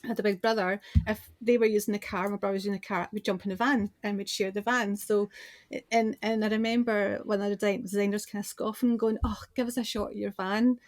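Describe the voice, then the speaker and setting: A woman's voice: mid-range voice, little pitch movement, quick pace, no echo. A woman in her forties with a Scottish accent, telling stories as a podcast guest in a chatty way with many restarts. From Scotland. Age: 40s. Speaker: guest, business owner and designer. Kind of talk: casual interview chat.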